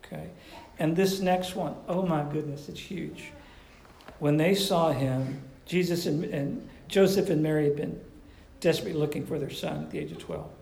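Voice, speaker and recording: A man's voice: fairly high pitch, sing-song, moderate pace, vocal fry, darkish tone, echoey room, poor audio. A man preaching a sermon as a pastor and counselor, teaching in a conversational way with rhetorical questions.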